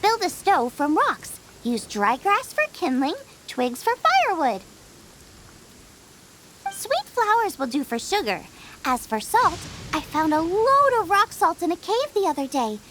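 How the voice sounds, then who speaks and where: A woman voicing a cheerful young female chef in a video game, bubbly and excitable about food. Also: very high voice, unhurried, noisy background, exaggerated voice. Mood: explaining. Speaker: game character. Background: game music.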